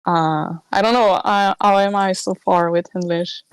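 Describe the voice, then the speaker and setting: A woman's voice: medium pitch, steady tone, a little slow, smooth, dry recording. A woman from Quebec with a French-Canadian accent, a native French speaker co-hosting a podcast in English. She speaks hesitantly, searches for words and laughs often. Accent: Québécois French. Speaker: podcast co-host. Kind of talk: casual podcast chat.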